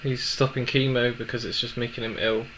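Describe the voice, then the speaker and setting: A young man in his twenties telling a personal story in a halting, emotional way with many restarts. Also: medium pitch, flat delivery, fairly bright tone, slight background noise, low-quality recording. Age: 20s. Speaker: vlogger.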